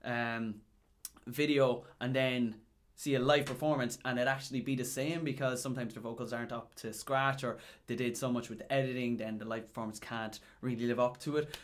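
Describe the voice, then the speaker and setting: An Irish man, a music teacher, chatting casually in a reaction video, getting excited and breaking into high exclamations. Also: brisk. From Ireland. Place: home recording room. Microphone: headphones with a desk mic.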